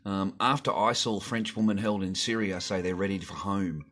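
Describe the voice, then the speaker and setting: A man's voice: low-pitched, fairly even intonation, moderate pace, fairly bright tone, slight background noise. A man reading a news article aloud and breaking off into crude, sweary, mocking commentary as a channel host. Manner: swears often, mocking asides between read passages.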